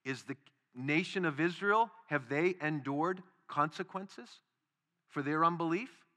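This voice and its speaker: Guy preaching, bright edgy voice, gets loud then drops way down. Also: fairly high pitch, unhurried. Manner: emphatic, rising to loud stresses then dropping quiet. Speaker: pastor. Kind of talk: sermon.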